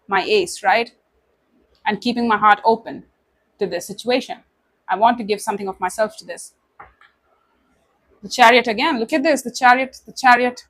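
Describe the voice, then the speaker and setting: A woman giving a tarot reading straight to the listener, speaking in an emotive way with many asides. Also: mid-range voice. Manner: warm, emotive, speaks directly to the listener with many "you know"s. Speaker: tarot reader. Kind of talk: casual tarot reading to camera.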